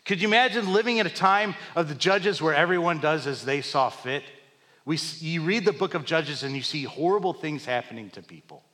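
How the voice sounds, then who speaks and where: A man preaching a sermon, swinging between loud emphatic lines and hushed, quiet ones. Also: a little high, expressive, fairly quick. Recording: long hall reverb.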